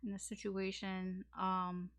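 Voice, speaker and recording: A woman's voice: mid-range voice, monotone, takes it slowly, fairly bright tone, dry recording, studio quality. A woman giving a casual tarot reading, talking frankly with fillers and swearing. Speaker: tarot reader.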